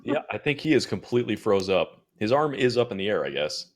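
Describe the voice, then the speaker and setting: This is a man joking with friends during an online tabletop game. His voice sits on the low side, but his pitch swings widely. He teases the others and laughs often. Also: big pitch swings, brisk. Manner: jokey, teasing, laughs often. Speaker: player.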